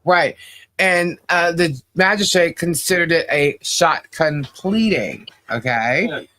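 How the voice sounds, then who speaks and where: High, bright-voiced animated man. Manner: animated, gasps and laughs, quick asides. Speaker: podcast co-host. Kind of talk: casual commentary chat.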